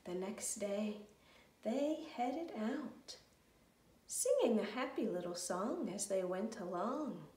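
A woman telling a children's story in a slow, gentle way, with sung refrains. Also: mid-range voice, animated, roomy sound, distant mic.

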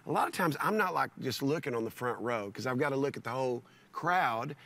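Animated bright-voiced male pastor. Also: medium pitch, a little fast, creaky. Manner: animated, repeats words and restarts often. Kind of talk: storytelling in a conversation.

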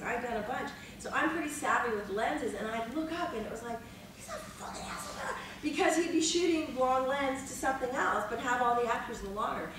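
A woman in her fifties, an actress on a panel, telling behind-the-scenes stories in a lively, dramatic way, laughing and swearing freely. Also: high voice. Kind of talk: animated anecdotal storytelling. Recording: echoey room, mic far off, noisy.

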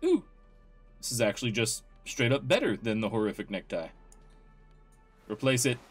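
A man's voice: mid-range voice, very animated, moderate pace, husky, faint music behind. A man hosting a let's play, commenting casually and with amusement as he reads dialogue aloud.

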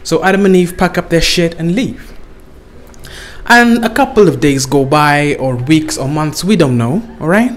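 A man's voice: on the high side, lively intonation, normal speed. Profane storytelling comedian man. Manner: casual, profane, often laughing at his own jokes.

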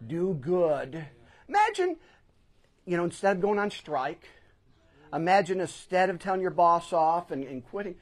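A man's voice: sits high, big pitch swings, unhurried. A middle-aged man, a pastor, preaching a sermon in a church sanctuary, telling a personal story and pressing hard on key phrases.

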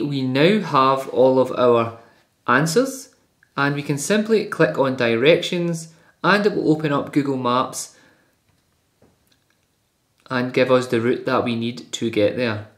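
A man presenting a phone tutorial, calmly walking through each step. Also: medium pitch. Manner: plain, instructive, walks through each step. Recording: echoey room.

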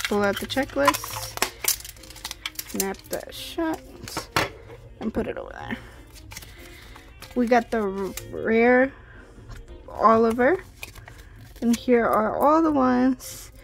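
A woman hosts a toy unboxing video, chatty and giggly as she exclaims over tiny toys. Her voice is on the high side and creaky, and the talk is casual unboxing chatter from a toy review host.

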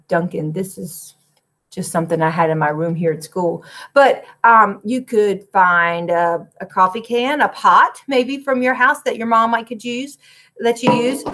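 A woman's voice: medium pitch, unhurried, fairly bright tone. A woman music teacher, recording a lesson for young children from her classroom, clapping and chanting rhythms and breaking into short sung lines.

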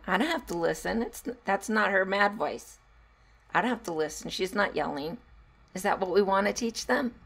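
A woman hosting a solo podcast and talking through parenting advice. She is a former teacher, and she moves between hushed asides and bursts of laughter. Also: medium pitch, vocal fry. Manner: animated, drops to hushed tones and laughs while telling stories. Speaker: podcast host.

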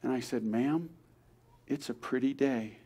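A man's voice: mid-range voice, a little slow, dark tone, husky. An older man, a grandfather, telling an earnest story at a church service, acting out the voices of the people he quotes. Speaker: guest speaker.

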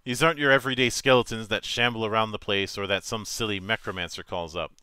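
Here a man acting as game master reads the tabletop rules in a measured, factual manner, tripping on the odd word. His lowish voice comes across bright, forceful, clear and resonant, captured close and dry with no echo.

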